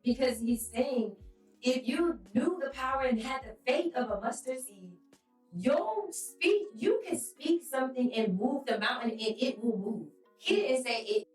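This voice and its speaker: A woman's voice: a little high, lively intonation, moderate pace, echoey room, distant mic, faint music behind, rough recording. A woman co-hosting a faith-based podcast, talking in an emphatic, preacherly way and telling stories with animation. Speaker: podcast co-host.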